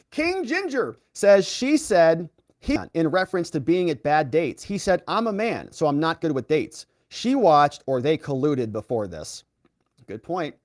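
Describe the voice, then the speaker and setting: A man hosting a live stream, reading viewer comments aloud and reacting to them in a casual, animated way. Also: fairly high pitch, dry recording, studio quality. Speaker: host reading live chat.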